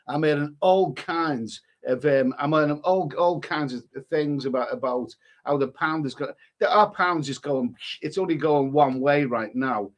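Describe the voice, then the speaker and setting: A man's voice: fairly high pitch, a little slow, few pauses. A middle-aged man from England hosting a casual live stream, reading out viewer names and messages and chatting about them. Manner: rambling, chatty, reads out usernames and messages.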